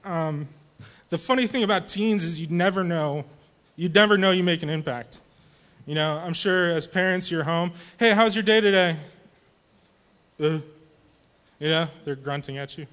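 A man's voice: fairly high pitch, moderate pace, fairly bright tone. A man, a church youth group leader, giving a casual and humorous farewell speech to a congregation.

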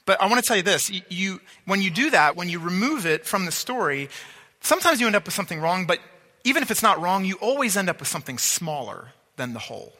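A man's voice: high voice, very animated, quick pace, sharp tone, long reverb tail. A man preaching a sermon, teaching emphatically and asking rhetorical questions.

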